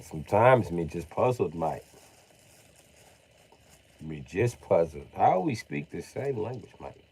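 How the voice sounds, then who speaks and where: A man's voice: sits low, big pitch swings, measured pace, breathy edge, voice pushed down, heavily acted. A man putting on a huffy English bloke. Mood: puzzled grumbling. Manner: exaggerated British put-on with swearing. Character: mock-pompous English bloke, grumbling and indignant.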